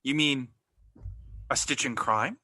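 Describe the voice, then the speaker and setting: A man's voice: mid-range voice, takes it slowly, sharp tone, no echo, studio quality. A man co-hosting a podcast, chatting casually with playful, jokey banter. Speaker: podcast co-host. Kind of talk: casual chat.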